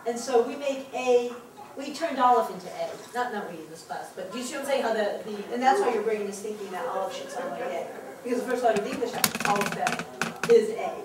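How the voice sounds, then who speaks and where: A woman's voice: a little high, fast talker, background noise. A woman teaching a Hebrew reading class, upbeat and laughing often. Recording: echoey classroom from far off. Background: class of adult learners.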